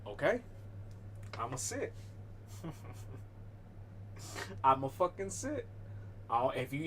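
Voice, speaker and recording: This livestreamer speaks at medium pitch and normal speed with lively intonation and a fairly bright tone, pausing often. He rambles and swears casually to his cat, constantly breaking off and restarting, over a faint hiss or hum.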